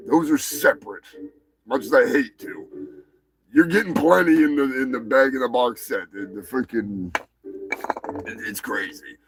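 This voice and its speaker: A man hosting a live show, ranting crudely and swearing constantly, with bursts of shouting. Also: a little high, creaky. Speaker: show host. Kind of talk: profane live-stream rant.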